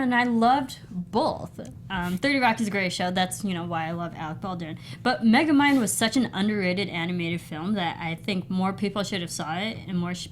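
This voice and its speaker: Giggly woman in a film chat, faint room hiss. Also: medium pitch. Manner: giggly, laughs often while talking. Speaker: podcast co-host. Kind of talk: casual movie review chat.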